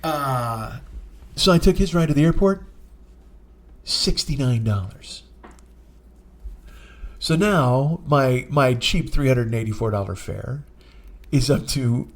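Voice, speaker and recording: A comedian in his forties hosts his own podcast, spinning a rambling, profane comic story. His voice is mid-range and unhurried, with long pauses.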